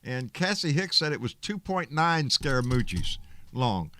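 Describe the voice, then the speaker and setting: A man with a Texan accent hosting a casual live online talk show, relaxed and folksy, quick to swear and laugh. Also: a little high, no echo. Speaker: host.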